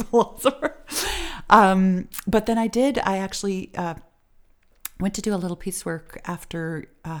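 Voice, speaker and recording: A middle-aged woman speaking as an interview guest, her voice a touch low. She tells her stories in a chatty way, with plenty of fillers and laughs along the way. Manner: chatty, many fillers, laughs while telling. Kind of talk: casual interview storytelling.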